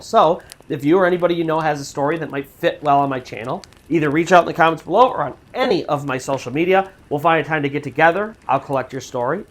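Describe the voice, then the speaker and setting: A storytelling channel host narrating a true scary story in a casual, conversational way with fillers. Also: medium pitch.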